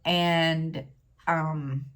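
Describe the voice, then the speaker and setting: A middle-aged woman talking in a casual personal vlog, halting and full of fillers, close to tears. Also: low voice, fairly even intonation, a bit bright, clean tone. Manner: halting, many fillers and restarts. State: tearful, near crying. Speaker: stitching vlogger.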